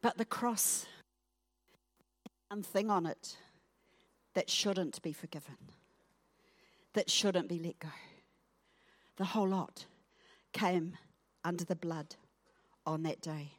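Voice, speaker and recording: A woman preaching a sermon, acting out her points in a playful, self-mocking way that swings between loud and soft. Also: on the low side, slow pace, pauses often, no echo. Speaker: guest preacher. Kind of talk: sermon with acted illustration.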